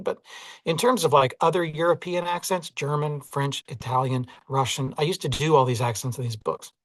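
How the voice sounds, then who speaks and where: A man's voice: medium pitch, dry recording. A man with a Southern US accent, an audiobook narrator talking casually and reflectively in an interview, often hedging with "like" and "you know.". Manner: reflective, self-deprecating, many "like" and "you know".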